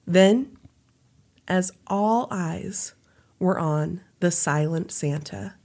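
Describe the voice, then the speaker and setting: A woman hosts a podcast and reads a story aloud in a relaxed, chatty way. She stops now and then for a laugh or a quick aside about the details. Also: fairly low pitch. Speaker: podcast host. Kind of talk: casual storytelling chat.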